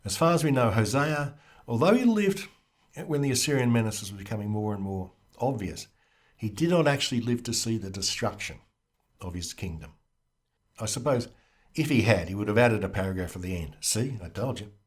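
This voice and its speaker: A man's voice: fairly low pitch, animated, a little fast. A man, a podcast guest, explaining things in a casual conversational way, wry and lightly humorous, with occasional restarts.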